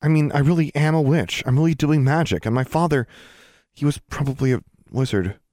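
Guy doing a high pleading little girl, earnest and flustered, storybook read, dry close sound. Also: brisk, a little mellow, no room sound, lightly acted. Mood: eager. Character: eleven-year-old girl, earnest and flustered.

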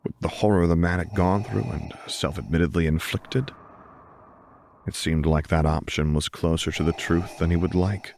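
A man reading fan fiction aloud in a soft, hushed storytelling voice. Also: low-pitched, steady tone, moderate pace, vocal fry, slight background noise. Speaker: audiobook narrator. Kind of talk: scripted narration of fan fiction.

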